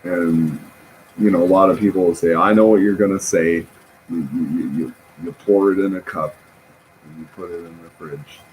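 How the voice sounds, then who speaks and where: A man talking in a rambling, halting casual monologue, often laughing at his own jokes. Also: low voice, steady tone, darkish tone, a little hiss or hum, poor audio.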